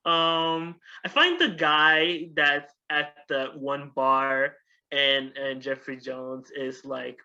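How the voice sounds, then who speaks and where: A man's voice: on the high side, slow, pushed and bright, highs cut off. A man co-hosting a podcast in casual chat, rambling with lots of restarts. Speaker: podcast co-host.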